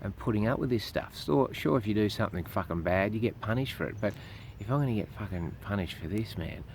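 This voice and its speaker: Australian man, vlogger rant, fiery and foul-mouthed, lowish voice. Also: lively intonation, fast, a little hiss or hum. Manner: indignant, swears heavily. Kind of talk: profane ranting monologue.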